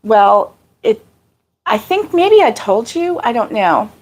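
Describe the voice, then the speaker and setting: A woman's voice: fairly high pitch, sing-song, takes it slowly. A woman hosting a casual live crochet stream, out of breath, chatting and greeting viewers by name. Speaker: crochet channel host.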